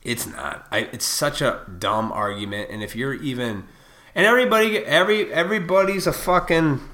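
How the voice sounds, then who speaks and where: A man in his thirties delivering a profane, heated rant to camera, swinging between loud outbursts and quieter reflective stretches. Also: medium pitch, moderate pace. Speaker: vlogger. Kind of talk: profane ranting monologue. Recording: echoey room.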